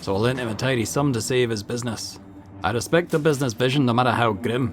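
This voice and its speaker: A man's voice: mid-range voice, quick pace, over music, natural voice. A man voicing a menacing Irish male gang boss in a put-on Irish accent, drawling and mocking. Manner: drawling, teasing, threatening. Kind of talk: video game voice reading.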